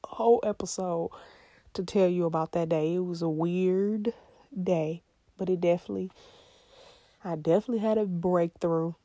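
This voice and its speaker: A woman's voice: on the low side, fairly even intonation, normal speed, dark tone, no room sound. A young woman hosting her own podcast in casual solo chat, rambling and chatty, laughing often and dropping into whispers. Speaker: podcast host.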